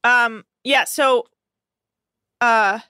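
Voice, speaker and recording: A woman's voice: a little high, fairly even intonation, drawn-out words, sharp tone, smooth, dry recording, clean studio sound. A woman co-hosting a podcast in casual chat, sarcastic, swearing freely and laughing often. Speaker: podcast co-host.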